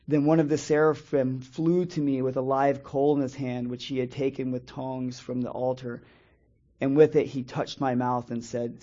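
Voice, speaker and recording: A man preaching a Bible lesson in a measured way, reading scripture slowly and pausing often. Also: mid-range voice, level tone, mellow, muffled recording. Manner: measured, reads scripture slowly with pauses and restarts. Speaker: preacher teaching a Bible study. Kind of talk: sermon-style Bible teaching.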